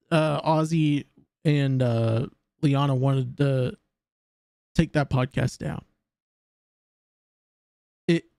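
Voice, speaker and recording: A man hosting a casual reaction stream, talking haltingly with many restarts. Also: a little high, gravelly, warm tone, no room sound, clean studio sound. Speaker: streamer host.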